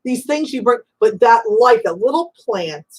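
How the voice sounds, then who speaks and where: High-voiced emphatic woman hosting readings. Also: animated, moderate pace, slightly rough. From Italian-American background. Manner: warm, emphatic, motherly, calls guests honey and sweetie. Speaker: psychic reader and show host. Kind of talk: live call-in spiritual reading show.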